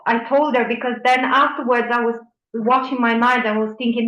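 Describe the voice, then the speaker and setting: A woman's voice: fairly high pitch, brisk. A woman student earnestly telling the class about her own experience, quoting her thoughts. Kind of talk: personal story in a class discussion. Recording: roomy, dull sound.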